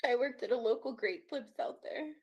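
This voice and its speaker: A woman's voice: a little high, normal speed, breathy edge, highs cut off. A woman guest on a call-in show, telling her own story in an earnest, tearful way. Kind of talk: emotional first-person account.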